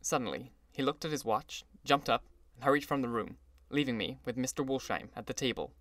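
A man reading an audiobook in a measured, even scripted narration. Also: medium pitch, no echo, studio quality.

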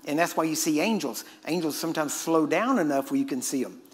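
A middle-aged preacher from Texas, delivering a sermon in a fast, joking, conversational way. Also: male voice, on the high side, animated. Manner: fast-talking and joking with the audience.

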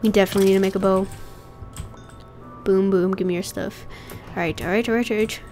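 A young woman with a cold, coughing and rough-voiced, chatting casually and getting easily exasperated while she plays. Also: medium pitch, fairly even intonation, fairly quick, long pauses, dark tone, soft background music. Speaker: gaming channel host. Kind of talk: casual gameplay commentary.

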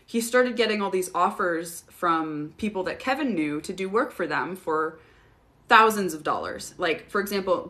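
A woman's voice: on the low side, moderate pace, fairly bright tone. A young woman hosting a casual livestream, telling stories and answering viewer questions, swearing freely and laughing often.

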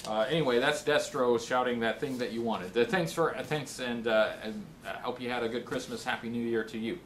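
Halting man answering viewer questions. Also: medium pitch, a little hiss or hum. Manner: halting and thoughtful, with frequent pauses to think; reads viewer questions aloud, then answers them plainly. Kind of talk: casual Q&A vlog.

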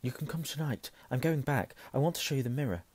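A hoarse man voicing an excited eleven-year-old boy wizard, eager and insistent. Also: mid-range voice, fast, pitched above the performer's own voice.

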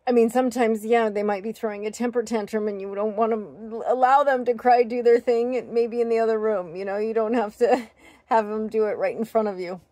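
A woman vlogger sharing a heartfelt spiritual talk, earnest and gentle, with many fillers and restarts. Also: a little high, steady tone, a little fast, dry recording. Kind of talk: heartfelt personal talk to camera.

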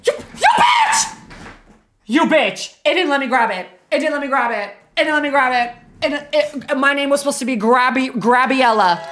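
A woman streaming a game live, reacting loudly and dramatically with shrieks and swearing while chatting with viewers and thanking subscribers. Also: high voice, fairly quick, few pauses, slight background noise.

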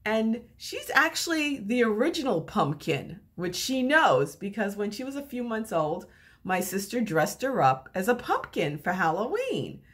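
A middle-aged woman shares relationship advice in a casual monologue. Her voice is slightly husky, and her pitch rises and falls freely as she tells her stories. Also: a little slow. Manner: animated storyteller with lively pitch swings.

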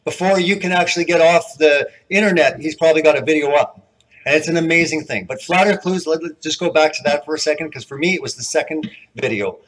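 A man's voice: fairly high pitch, fairly bright tone, poor audio. A man introducing the next speaker at a conference, enthusiastic and admiring, with small restarts. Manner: enthusiastic, admiring, slightly halting.

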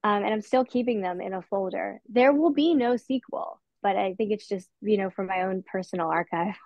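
A woman's voice: mid-range voice, a little fast, gravelly, hardly any pauses, no room sound. Woman author, interview guest; reflective, self-correcting delivery; dry, slightly muffled recording. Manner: thoughtful, with restarts and soft laughs.

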